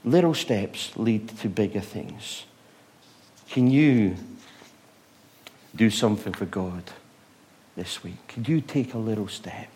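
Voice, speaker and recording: Animated male preacher telling stories. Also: lowish voice, slow pace, pauses often. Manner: animated storytelling, rhetorical questions, swings from loud to hushed. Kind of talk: sermon.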